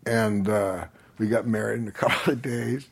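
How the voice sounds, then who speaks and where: A man's voice: lowish voice, fairly even intonation, normal speed. A man as a podcast guest, telling a long personal story in a loose, rambling way with lots of fillers, often laughing as he talks. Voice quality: husky. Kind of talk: relaxed storytelling.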